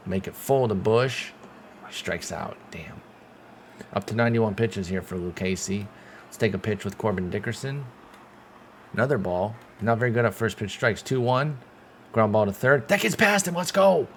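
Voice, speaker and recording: A man giving casual play-by-play commentary while playing a baseball game, excitable and swearing when things go wrong. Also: lowish voice, normal speed, slight background noise. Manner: excitable, swears when frustrated, talks to himself. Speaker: gaming channel host.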